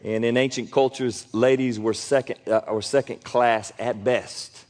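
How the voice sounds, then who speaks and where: A middle-aged man, a pastor preaching a sermon in a casual, animated way, acting out quotes in sudden loud high bursts. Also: a little slow.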